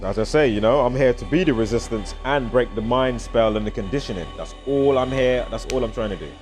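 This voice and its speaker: The British vlogger's mid-range voice has a darkish tone and moves a little fast as he rambles and reels off numbers. Faint music can be heard behind him.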